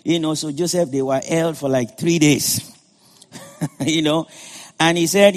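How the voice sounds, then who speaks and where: Male pastor, sermon, conversational retelling, slightly high voice, long hall reverb. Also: steady tone, takes it slowly, long pauses. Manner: retells scripture in a conversational way, with frequent "you know".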